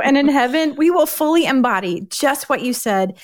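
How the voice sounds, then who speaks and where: A woman's voice: sits high, lively intonation, moderate pace, dry recording. Bubbly, laughing woman podcast guest. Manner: bubbly, laughs often, encouraging. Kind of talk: casual interview chat.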